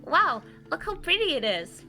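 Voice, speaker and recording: Brief: a gushing young girl for a game, very high, sing-song. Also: very animated, moderate pace, sharp tone, soft background music, exaggerated voice. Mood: awed.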